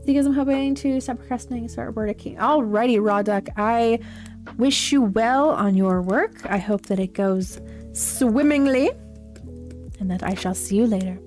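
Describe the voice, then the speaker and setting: A woman hosting a casual livestream, chatting to viewers in a rambling, halting way with many fillers and giggles. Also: on the high side, darkish tone. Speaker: livestream host. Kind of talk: casual livestream chat, answering chat. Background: faint background music.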